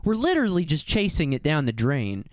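A man co-hosting a casual chat who laughs often, swears and rambles excitedly. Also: fairly high pitch, fairly quick, dry recording, studio quality. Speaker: podcast co-host.

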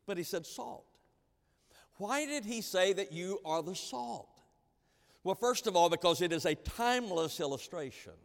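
Pastor, male, slightly high voice, emphatic sermon delivery that swings loud and hushed, long church reverb. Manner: emphatic, repeats key phrases, swings between loud and hushed.

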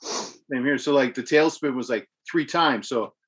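A man's voice: mid-range voice, unhurried, husky. Casual male co-host, loose storyteller, salty language. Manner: swearing, animated storytelling about games. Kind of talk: casual chat.

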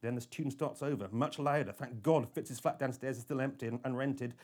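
A man reading a first-person thriller audiobook with an intense delivery that moves between hushed and urgent. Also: mid-range voice, a little fast, breathy edge. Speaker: audiobook narrator.

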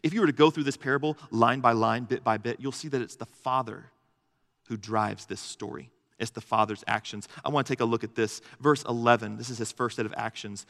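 A man's voice: medium pitch, brisk, a bit bright. A man pastor giving a sermon, earnest and emphatic, building lists of phrases to a peak. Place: church hall. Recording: long reverb of a large hall.

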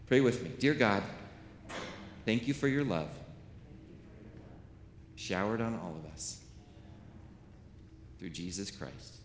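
A man tells a children's story in a playful, animated way, his voice sitting a little low. The sound is roomy with a long church reverb trailing each line and a faint hiss behind. He speaks as a pastor leading the little ones. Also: takes it slowly, pauses often. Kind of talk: children's sermon. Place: large church sanctuary.

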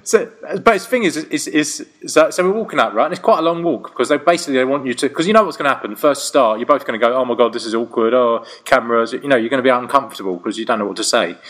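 A man's voice: mid-range voice, expressive, quick pace, few pauses, fairly bright tone. A young British man chatting casually as a podcast co-host, telling stories animatedly with laughs and swearing. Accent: British English. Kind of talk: casual chat.

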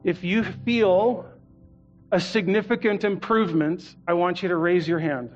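A man's voice: sits high, steady tone, measured pace. A man preaching a sermon as a guest in a church, earnest and leading the congregation to repeat phrases after him. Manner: earnest, leads congregation in call-and-response. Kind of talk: sermon with prayer. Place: church auditorium. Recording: muffled church recording with soft music.

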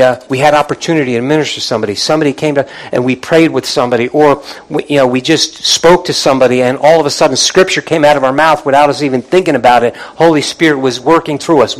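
Heard on a rough recording, this preacher keeps repeating words and starting over while addressing the congregation directly. His voice climbs in pitch and grows louder as he gets fired up.

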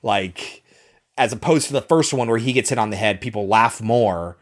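A man's voice: on the low side, moderate pace. A man co-hosting a podcast, talking casually and enthusiastically about a film, swearing freely and acting out quotes. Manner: enthusiastic, profane, acts out quotes. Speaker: podcast co-host.

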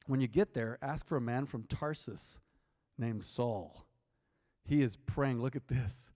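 A man's voice: medium pitch, unhurried, darkish tone. A man preaching an interactive sermon, reading scripture aloud and teasing and quizzing his congregation. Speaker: pastor. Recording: long hall reverb.

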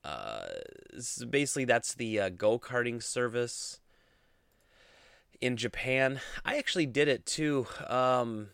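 A man's voice: medium pitch, lively intonation, unhurried, vocal fry, a bit bright, smooth, dry recording, clean studio sound. A man hosting a casual solo gaming podcast, rambling with lots of fillers and restarts. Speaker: podcast host.

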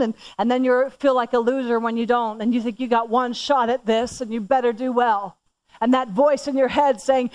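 A middle-aged woman telling a story in a sermon, talking casually and animatedly, climbing higher when she quotes herself scolding. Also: steady tone, moderate pace, clear, resonant tone. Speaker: church speaker.

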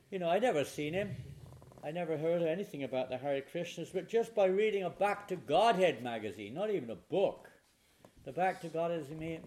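Older man, animated anecdotal storyteller, slightly raised voice, retreat talk. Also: on the high side. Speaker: visiting spiritual speaker. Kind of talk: storytelling talk to a live audience. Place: retreat hall with an audience.

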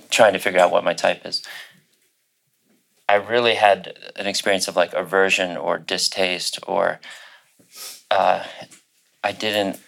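Low-voiced hesitant man telling his story. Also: creaky. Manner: hesitant, many fillers and restarts, soft laughs. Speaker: panel guest. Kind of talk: personal storytelling in a panel talk.

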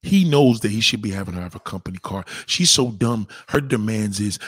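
A husky man on a heated, swearing rant. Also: lowish voice, fairly quick, no room sound. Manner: heated, emphatic, swings between loud outbursts and muttering. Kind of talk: profane ranting monologue.

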